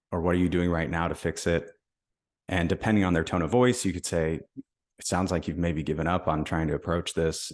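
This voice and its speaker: A man with a deep, low-pitched voice talks through sales technique in a relaxed, conversational way. He often slips into the lines he would say on a call, acting out both sides. The delivery is casual podcast chat. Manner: conversational, acts out sales calls. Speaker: podcast host. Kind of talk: casual sales coaching talk.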